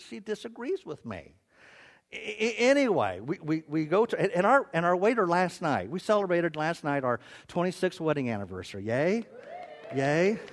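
A middle-aged male pastor with a notably high voice preaches a sermon, his pitch constantly leaping and dipping as he tells funny everyday stories. He often stumbles into repeated words and restarts before reaching his point, keeping the delivery animated and humorous.

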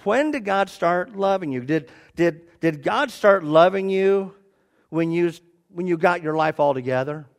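A middle-aged man preaching a sermon as pastor, animated, repeating his phrases and dropping to a quiet, soft prayer. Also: sits high, measured pace. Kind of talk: sermon with a told joke.

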